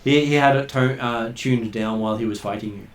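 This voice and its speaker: A man's voice: mid-range voice, brisk. A man narrating as game master, hesitant, with many ums and uhs. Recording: roomy, distant mic.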